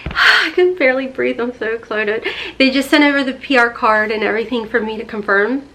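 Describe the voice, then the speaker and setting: Casting note: excitable high-pitched woman vlogger, 30s, rambling and gushing. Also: a little fast. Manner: bubbly, rambling, baby talk to her cat. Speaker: beauty vlogger. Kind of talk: chatty unboxing vlog.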